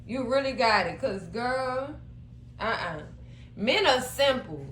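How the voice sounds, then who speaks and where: A woman recapping a TV episode in a sassy, animated way, addressing her viewers as cousins. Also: a little high, takes it slowly, roomy sound, slight background noise, poor audio. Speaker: show recap host. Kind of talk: casual recap commentary.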